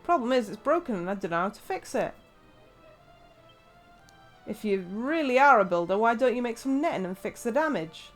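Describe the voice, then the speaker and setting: A grumpy, curt fisherman with an English accent, as a woman puts him on. He grumbles in a gruff and slangy way, brushing people off. Soft game music plays faintly behind. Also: fairly high pitch, animated, normal speed, pauses often, natural voice. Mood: grudging. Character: grumpy, brusque male island fisherman.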